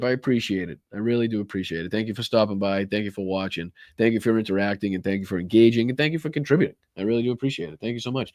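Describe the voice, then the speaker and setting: A man's voice: on the low side, very fast, few pauses, darkish tone, dry recording. A man hosting a casual political livestream, thanking viewers for donations in a rambling, profane way with many fillers and restarts. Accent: American. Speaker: livestream host.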